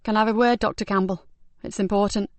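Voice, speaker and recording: A woman's voice: medium pitch, fairly even intonation, quick pace, no room sound, lightly acted. Urgent woman detective, as a woman narrator reads her. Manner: urgent, pleading.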